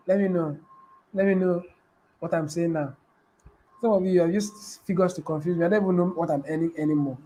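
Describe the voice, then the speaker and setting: A man's voice: high voice, dark tone, poor audio. A man giving a live motivational business talk, repeating key phrases and asking his audience questions. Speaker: business coach.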